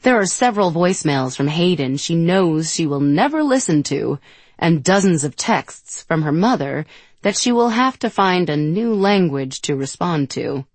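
A woman narrating an audiobook in a measured, gentle storytelling manner, close to the mic. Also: on the low side, no room sound. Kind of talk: scripted narration.

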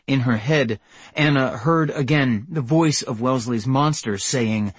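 A man narrates an audiobook in a measured, even storytelling voice. His tone is mid-pitched and husky. The recording is close and dry. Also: no echo.

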